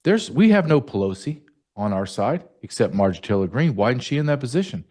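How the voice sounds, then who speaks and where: A man's voice: mid-range voice, big pitch swings, brisk, darkish tone. A man hosting a political commentary show, combative and mocking, firing off rhetorical questions. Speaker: show host.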